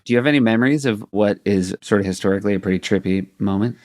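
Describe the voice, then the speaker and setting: A man co-hosting a casual comedy podcast, chatty and quick with asides, often breaking into laughter. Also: on the low side, darkish tone. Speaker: podcast co-host.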